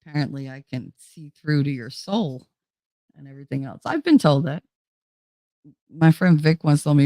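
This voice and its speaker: A lower-voiced woman talks straight to her viewers, excitable and all in. She swears freely and laughs a lot. The sound is close and dry, with no room around it. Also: no echo. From New Jersey. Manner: excitable, blunt and profane, laughs often. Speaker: streamer. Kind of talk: casual chat with viewers.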